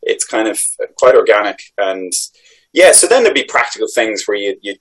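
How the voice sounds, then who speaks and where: Low-voiced Irish man, rambling. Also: sing-song, moderate pace, rough recording. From Ireland. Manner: reflective, rambling, many restarts. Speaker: voice actor guest. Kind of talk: conversational interview answers.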